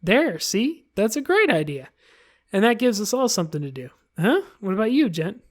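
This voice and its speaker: A woman's voice: mid-range voice, big pitch swings. Confident, bossy teen girl read by a woman for a game read-through. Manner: bossy, brisk. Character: confident teenage club president, Monika.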